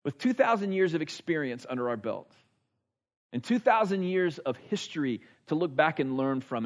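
A man in his forties preaching a sermon in an earnest, conversational way, repeating phrases for emphasis. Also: medium pitch. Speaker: pastor. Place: church service.

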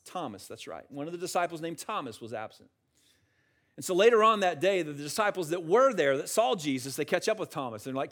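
A man preaching a sermon in a conversational, animated way, asking the listeners questions and acting out the words of biblical figures. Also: on the high side, brisk. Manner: acts out quotes of biblical figures. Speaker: pastor.

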